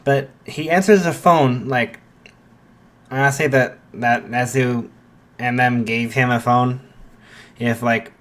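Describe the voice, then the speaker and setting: A man casually improvising a fan story out loud, rambling with lots of fillers. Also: mid-range voice, steady tone, slow, pauses often.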